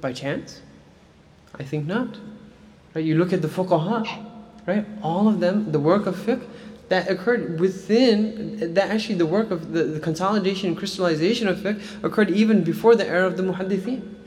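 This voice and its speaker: A man's voice: high-pitched, moderate pace, a little mellow, long reverb tail. A man teaching Islamic studies in a casual lecture style, talking conversationally and often checking in with "right?". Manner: conversational, frequent "right?" and "like" fillers.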